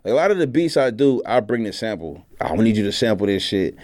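A young man, a rapper and producer telling stories in a casual, profane, animated way in an interview. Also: lowish voice, fairly quick, no room sound.

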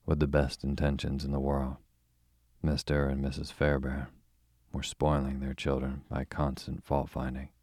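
A young man hosting and narrating a bedtime story in a slow, calm, soothing way. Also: rumbling low, dry recording, clean studio sound.

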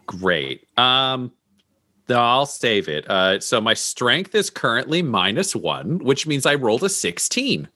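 Man, player, animated pitch, bright voice, dry close sound, playful. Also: takes it slowly, no room sound. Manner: playful storytelling with laughs. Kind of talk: tabletop game play.

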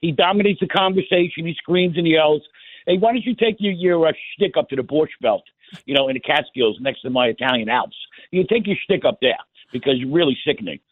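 A man's voice: on the high side, lively intonation, a little fast, dry recording. A man calling in to a radio show, chatty and rambling, with plenty of fillers. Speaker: caller. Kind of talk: call-in radio chat. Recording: tinny phone line.

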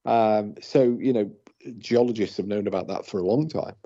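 A man's voice: lowish voice, normal speed, warm tone. A man co-hosting a paranormal radio talk show, speaking in a casual, hesitant way with many fillers and restarts. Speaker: paranormal investigator, co-host. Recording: dull lo-fi radio audio.

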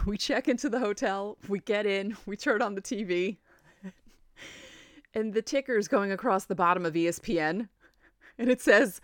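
A woman in her forties, a podcast host telling a story in a chatty, animated way. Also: medium pitch, no echo, clean studio sound. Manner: animated, chatty, laughs often. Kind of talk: casual storytelling.

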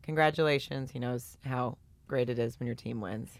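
A woman co-hosting a podcast in casual chat, wry and quick with questions. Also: very deep voice, no room sound. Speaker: podcast co-host.

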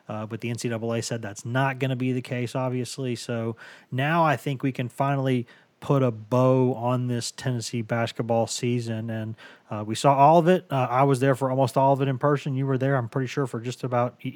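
Hoarse male sports podcast host. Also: mid-range voice, a little mellow, no echo. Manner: rambling, stammering restarts. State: hoarse from bronchitis. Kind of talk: casual sports podcast chat. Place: home office.

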